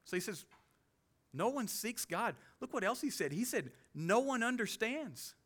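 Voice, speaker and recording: A man with a Southern US accent preaching a sermon as pastor, animated, with quick humorous asides. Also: high-pitched. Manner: animated preaching, with sudden loud jokey voices and soft asides.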